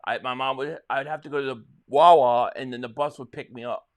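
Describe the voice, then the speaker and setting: A man's voice: mid-range voice, steady tone, a little fast. A man from South Jersey hosting a live stream, chatting casually and rambling as he answers viewer comments, with frequent restarts. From South Jersey, near Philadelphia.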